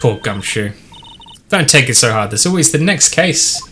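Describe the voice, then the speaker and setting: A man's voice: medium pitch, animated, normal speed, bright, forceful tone, a little hiss or hum. A man voicing a cheerful, spirited young woman sidekick in a video game, chirpy and teasing.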